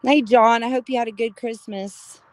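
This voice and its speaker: A middle-aged woman, chatting casually on a live stream, greeting viewers by name with gushing warmth and frequent laughter. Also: on the high side, fairly even intonation, moderate pace, no echo.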